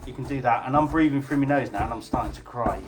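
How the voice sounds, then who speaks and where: A man's voice: mid-range voice, quick pace, music in the background. A man hosting a casual live cooking class, chatty, jokey and informal as he demonstrates.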